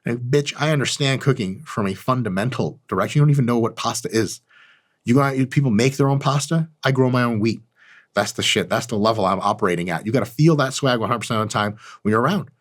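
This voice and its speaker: A man delivering a comedic advice monologue as host, mock-arrogant, boastful and profane. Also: fast. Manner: lively, animated delivery with big pitch jumps. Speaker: channel host.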